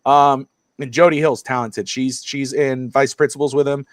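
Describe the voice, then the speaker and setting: A man co-hosting a laid-back sports talk show who rambles through stories with energy. His voice sits at an ordinary male pitch. The sound is dry and close, with no room echo. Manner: animated storyteller, quick and rambling. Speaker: podcast co-host. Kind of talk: casual sports chat.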